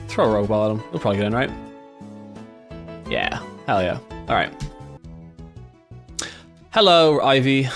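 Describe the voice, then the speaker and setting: An Irish man giving casual, excitable gameplay commentary, swearing freely and thinking aloud as he plays. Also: mid-range voice. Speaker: gaming YouTuber.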